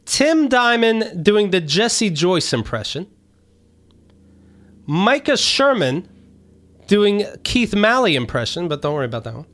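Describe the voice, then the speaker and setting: A man hosting a comedy podcast, talking loudly and jokily in casual banter. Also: a little high. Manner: loud, jokey, slips into voices. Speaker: podcast host.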